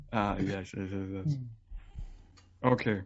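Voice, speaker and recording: Laughing podcast host, muffled audio. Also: male voice, on the low side, takes it slowly, a crowd in the background. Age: 40s. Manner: laughs often, rambling, animated. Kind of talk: casual podcast chat. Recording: dull lo-fi remote audio.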